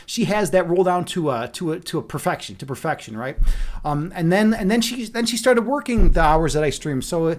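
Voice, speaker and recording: A young man hosting a livestream, chatting casually and reading the live chat, rambling with many fillers and restarts. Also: sits high. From Chicago, USA. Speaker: livestream host.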